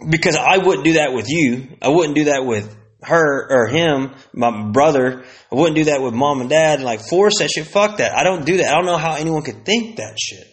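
A man's voice: fairly high pitch, normal speed, few pauses. A man hosting a solo podcast, venting bluntly in a casual, profanity-heavy rant that circles back on itself. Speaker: podcast host.

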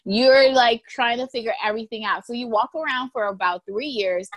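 A woman lawyer as a podcast guest, telling stories in a lively, casual way and acting out quoted voices. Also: fairly high pitch, brisk, slight background noise. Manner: animated storyteller, acts out quoted voices with laughter. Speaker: guest, intellectual property lawyer.

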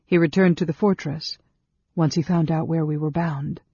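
A worried middle-aged mother who speaks low and soft, read by a male narrator. The voice is slightly raised and husky, on a dull, dry audiobook track. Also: fairly even intonation, moderate pace, no room sound. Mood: grave.

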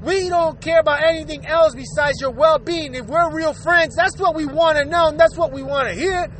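Vlogger, man, unusually high voice, blunt and profane, lectures the viewer straight on. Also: moderate pace, a bit bright. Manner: blunt, profane and preachy, with frequent "all right?" asides. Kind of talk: ranting advice monologue.

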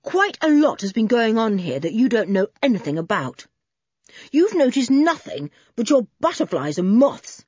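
A woman's voice: on the high side, sing-song, moderate pace, a little mellow, husky, no room sound, dull audio, pitched above the performer's own voice. A woman reading aloud, voicing a confident, cool-headed teenage boy who speaks coldly and firmly. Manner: cold and firm.

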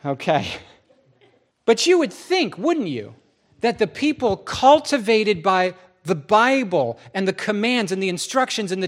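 A man preaching a sermon as pastor, telling stories in a lively way and jumping into other people's voices. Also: measured pace. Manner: lively storytelling, jumps into high voices for quotes.

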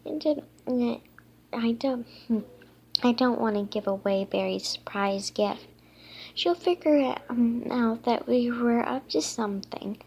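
A nervous young fairy girl from a storybook, read by a woman. The voice is husky with a gravelly edge, and the phrasing is unhurried and full of restarts. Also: on the high side, a little mellow, full character voice. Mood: anxious. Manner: halting, stumbling delivery. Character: young female candy fairy, anxious.

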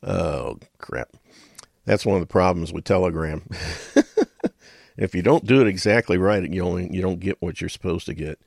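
A man's voice: sits low, moderate pace, gravelly, darkish tone, dry recording, studio quality. A middle-aged man hosting a radio talk show, rambling in a folksy way with chuckles and muttered asides.

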